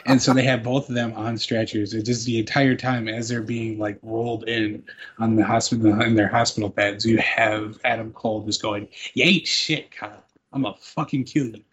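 A man's voice: lowish voice, flat delivery, normal speed, muffled recording, slight background noise. A man co-hosting a podcast, telling amused, profane stories about wrestling segments. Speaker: podcast co-host. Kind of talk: casual wrestling recap chat.

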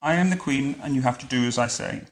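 A man's voice: medium pitch, fast, slight background noise, close to an everyday voice. Man reading as an imperious elderly queen, mannered and commanding; echoey room. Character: bossy old queen who drives a bus, haughty.

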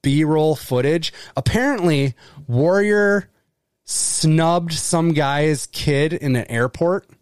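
Dude co-hosting a podcast, kinda high voice, dry close mic, swears a lot, loose and chatty. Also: male voice, slow pace, smooth, no echo. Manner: animated, swears freely, frequent fillers. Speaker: podcast co-host. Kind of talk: casual chat.

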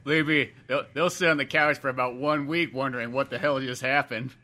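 A man's voice: medium pitch, steady tone, brisk, sharp tone. A man co-hosting a podcast, joking animatedly in casual chat. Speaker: podcast co-host.

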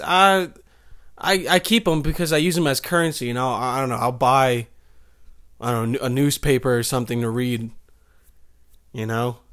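A man's voice: mid-range voice, fairly bright tone. A young man telling a rambling, crude comic story, slipping into voices for the people in it. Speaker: comedic storyteller. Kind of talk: profane comedic monologue.

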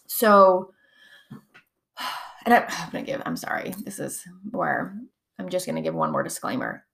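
A woman's voice: fairly low pitch, sing-song, a little slow, creaky, a bit bright. A young adult woman explaining somatic coaching techniques in a chatty, casual teaching talk, full of fillers and frequent laughs.

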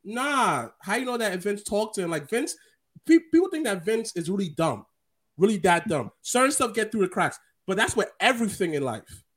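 A man with a notably high voice hosts a casual podcast chat. He talks in an animated way and laughs often. His delivery is loose and conversational. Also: a little fast. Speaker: podcast host.

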